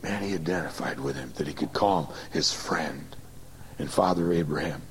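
A man preaching a sermon, swinging from excited high bursts to quiet low reading, calling on the congregation to repeat after him. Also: moderate pace, a little hiss or hum, poor audio. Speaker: pastor.

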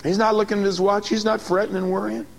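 A man preaching a sermon, swinging from excited high bursts to quiet low reading, calling on the congregation to repeat after him. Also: fast talker, gravelly, rough recording. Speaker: pastor.

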